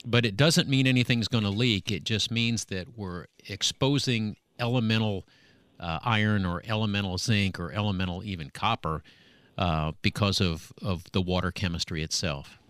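With a voice on the low side and a fairly bright tone, a man hosts a call-in radio show about home improvement, speaking at normal speed. He swaps folksy stories with callers and co-hosts in relaxed chat, recorded on a studio mic with no echo.

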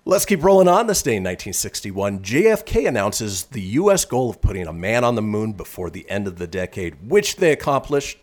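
A man's voice: on the low side, very animated, a little fast, few pauses. A man hosting a casual radio show, reading history items in an upbeat way and laughing along with his co-host.

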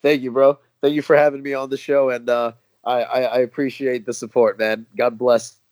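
A man's voice: medium pitch, flat delivery, normal speed, a little mellow, dry recording. Brief: New York American man, easygoing guest, slangy and laughing, dry close sound. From New York, USA. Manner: laid-back, laughs often, slangy. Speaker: guest fan. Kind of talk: casual podcast chat.

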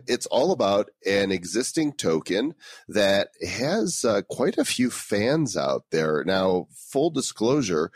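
A man's voice: on the low side, slightly rough, dry recording. A middle-aged man co-hosting a casual podcast, joking and reading listener reviews aloud. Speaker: podcast co-host.

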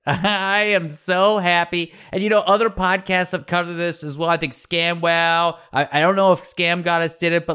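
A man's voice: a little high, a bit bright, clean tone. A man hosting a podcast in casual, joking chat, laughing often and swearing freely. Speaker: podcast host.

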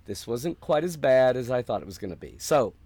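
A man answering interview questions in a casual, animated way, acting out the voices of people he quotes. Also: medium pitch, brisk, dry recording, faint music behind. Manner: animated storyteller, acts out quoted reactions. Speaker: interview guest.

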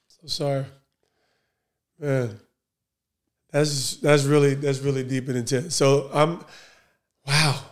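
A man hosting a podcast interview, asking questions in a loose, conversational way full of fillers and restarts. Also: medium pitch. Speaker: podcast host. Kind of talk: casual interview.

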